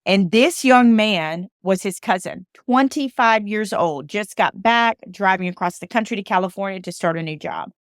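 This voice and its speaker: A woman's voice: mid-range voice, normal speed, few pauses, no room sound, clean studio sound. A woman from Alabama giving a personal storytelling talk, emphatic and repeating phrases for emphasis. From Alabama, USA. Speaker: motivational speaker.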